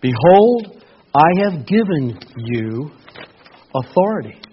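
A man preaching a sermon in a conversational way, with asides, who rises to loud, excited shouting. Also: fairly high pitch, slow pace, slight background noise. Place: church sanctuary. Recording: dull lo-fi church recording.

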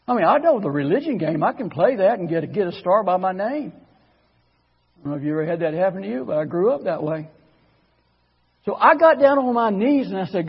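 A man's voice: high-pitched, very animated, moderate pace, long pauses, slightly rough, in a large hall, lo-fi sound. A man preaching in a church, telling his own story in a folksy, conversational way with stammered restarts. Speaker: guest preacher. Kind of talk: sermon with personal testimony.

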